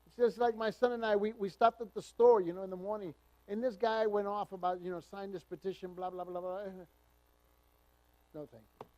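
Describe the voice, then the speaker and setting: A man's voice: high voice, steady tone, a little fast, long pauses, warm tone, no room sound, poor audio. A man pastor teaching the Bible verse by verse in a conversational, emphatic way, telling personal stories.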